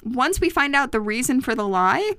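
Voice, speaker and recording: A woman in her thirties, co-hosting a casual parenting chat, chatty and quick to laugh. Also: high voice, sing-song, sharp tone, smooth, dry recording. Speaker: podcast co-host.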